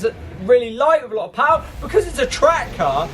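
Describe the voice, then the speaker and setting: A man commenting on a racing game while he plays, excitable and quick to burst into frustrated shouts. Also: extremely high pitch, slight background noise. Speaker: gaming YouTuber.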